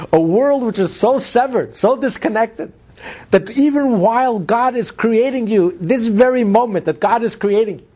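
A man teaching a Hasidic text in a spoken lecture. He builds emphatic runs of repeated phrases, then drops to quiet, low asides. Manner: swings between loud stress and low, quiet asides. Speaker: Torah teacher.

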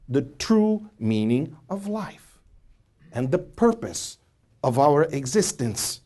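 A middle-aged male preacher with a mellow, warm tone. His pitch swings widely as he questions a studio audience, stumbling and restarting his phrases. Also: sing-song, a little slow. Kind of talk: Bible teaching to a studio audience.

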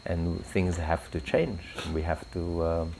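A man speaks with fervent conviction, his low voice carrying a gravelly texture. His talk rises in emphatic surges, pressing each point hard. There is a faint ambient hiss behind him. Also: unhurried, darkish tone. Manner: fervent, builds to rising emphatic peaks. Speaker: religious speaker. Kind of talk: impassioned religious talk.

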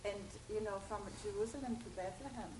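A woman's voice: mid-range voice, fairly quick, a little mellow. A woman taking part in a casual discussion, hesitant, with many ums and uhs. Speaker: discussion participant. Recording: echoey room with background noise.

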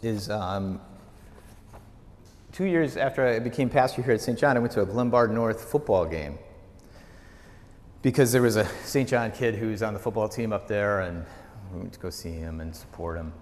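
A man's voice: moderate pace, long pauses, slight background noise. A male pastor teaching a Bible study in a conversational, storytelling way. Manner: conversational storytelling, lively pitch. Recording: echoey hall reverb.

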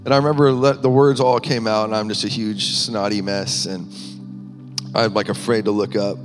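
A man sharing a personal testimony in a sermon, earnest and halting, with small laughs between thoughts. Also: fairly low pitch, steady tone. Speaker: minister. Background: music.

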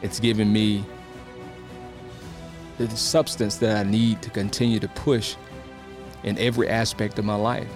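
Deep-voiced minister sharing testimony. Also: male voice, little pitch movement, unhurried, pauses often, over music. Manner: storytelling, encouraging. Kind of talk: testimony sermon.

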